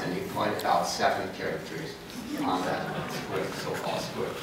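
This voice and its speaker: In a huge convention hall, an older panel guest answers questions with meandering stories, laughing softly and restarting frequently. He has a deep voice and a moderate pace. The audio is distant, echoey and noisy.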